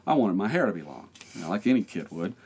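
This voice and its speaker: A middle-aged American pastor, low-voiced and breathy, rattles off a lively story during a podcast interview. He acts out the characters' voices and laughs often.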